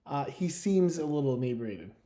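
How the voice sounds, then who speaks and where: A man's voice: medium pitch, expressive, moderate pace, warm tone, echoey room. A man narrating as game master of a tabletop role-playing game, with laughing, rambling asides.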